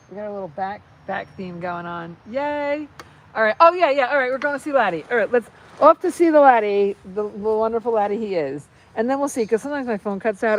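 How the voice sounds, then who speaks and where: A woman on a casual livestream, rambling and playful as she talks to her viewers on her phone. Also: mid-range voice. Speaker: vlogger. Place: outdoors at a horse barn. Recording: loud background noise outdoors.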